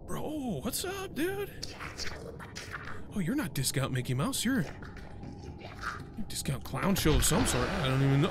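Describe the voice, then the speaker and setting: High, lively, joking young gaming streamer man. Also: a little slow, pauses often, background noise. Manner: jokey, profane, prone to excited yelps. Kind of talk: casual let's-play commentary.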